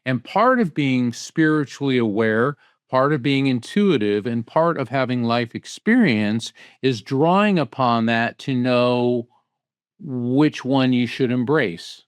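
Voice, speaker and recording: A man speaking as a guest in an interview, answering emphatically with rhetorical questions and lively anecdotes. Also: mid-range voice, takes it slowly, smooth, no room sound. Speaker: psychic medium and guest.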